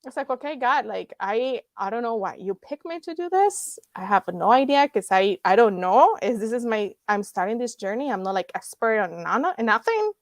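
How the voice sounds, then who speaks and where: Woman guest, 30s, lively storyteller acting out voices, higher pitch, dry close sound. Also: normal speed, few pauses, dry recording. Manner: animated, acts out dialogue, laughs often. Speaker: guest, nonprofit founder. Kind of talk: emotional storytelling in conversation.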